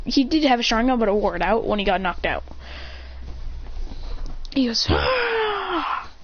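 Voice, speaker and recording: Rambling excited storyteller, lo-fi. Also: medium pitch, normal speed. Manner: rambling, with shouted sound effects and voiced lines. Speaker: fan storyteller. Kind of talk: excited fan-fiction retelling. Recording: dull lo-fi mic with faint hiss.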